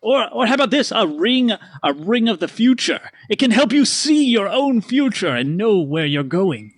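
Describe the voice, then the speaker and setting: A man voicing a boastful showman merchant, with a theatrical sales pitch and drawn-out words, in a tabletop role-play. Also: very animated, dry recording, exaggerated voice.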